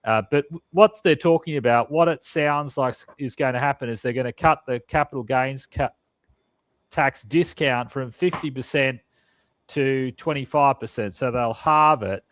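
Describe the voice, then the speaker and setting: A man's voice: mid-range voice, moderate pace, no echo. A man co-hosting a policy podcast, talking through tax details hesitantly, with frequent restarts and repeated words. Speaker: podcast co-host. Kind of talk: casual policy discussion podcast.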